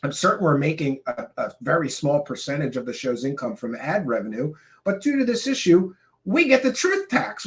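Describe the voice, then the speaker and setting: A man hosting his own commentary show, ranting sarcastically and breaking into shouts at times. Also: on the high side, moderate pace. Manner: animated, sarcastic, bursts into shouting. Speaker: show host.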